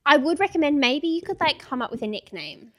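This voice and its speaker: A young Australian woman co-hosting a casual podcast, bubbly and quick to laugh as she gives advice. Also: sits high, animated, a loud crowd. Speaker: podcast co-host. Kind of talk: casual chat.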